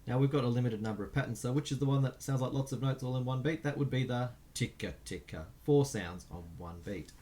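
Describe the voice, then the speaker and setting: A man's voice: mid-range voice, fast, hardly any pauses, mellow. A man teaching a recorded music lesson, counting beats aloud and chanting rhythm syllables while writing notes.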